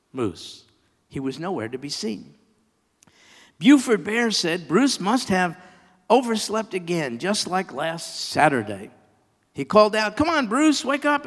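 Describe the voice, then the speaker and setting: A man preaching, reading a children's story with animated delivery and side remarks to his listeners. His voice sits on the higher side, and it carries a long reverb.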